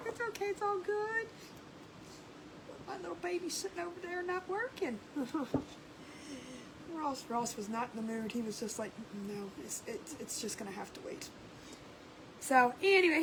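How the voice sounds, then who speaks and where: A woman's voice: sits high, fairly bright tone, a little hiss or hum, low-quality recording. A woman hosting a casual craft livestream, chatting and greeting viewers by name and laughing often. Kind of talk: casual live-stream chat.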